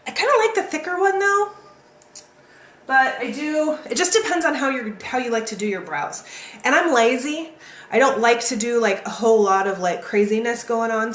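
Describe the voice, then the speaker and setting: Chatty high-voiced woman, echoey room. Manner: chatty and energetic, talks straight to viewers. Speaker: makeup tutorial host. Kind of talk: live makeup tutorial. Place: home, in California.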